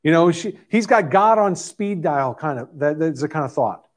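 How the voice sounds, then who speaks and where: A man's voice: fairly high pitch, animated, moderate pace. A man preaching an expository sermon, earnest and conversational, often restarting his phrases. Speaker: pastor.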